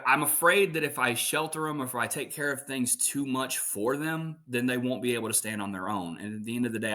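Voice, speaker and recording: A man in his thirties, a voice actor guesting on an interview, telling family stories in an animated, chatty way. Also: medium pitch. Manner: animated storyteller. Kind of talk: casual interview chat.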